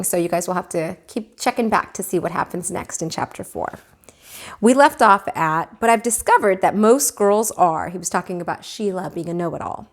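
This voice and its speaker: A woman teacher reading a children's book aloud, with expressive, animated storytelling. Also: mid-range voice.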